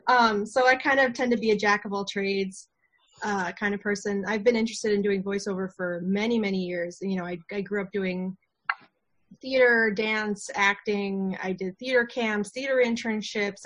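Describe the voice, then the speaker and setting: A woman giving a chatty self-introduction in a class over a video call. She talks in an animated way with many fillers and laughs. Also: medium pitch, moderate pace. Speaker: voiceover student introducing herself.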